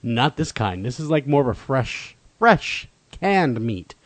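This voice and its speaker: A man co-hosting a podcast in casual joking banter, telling drawn-out stories. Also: medium pitch, very animated, no echo. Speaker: podcast co-host. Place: in Minnesota.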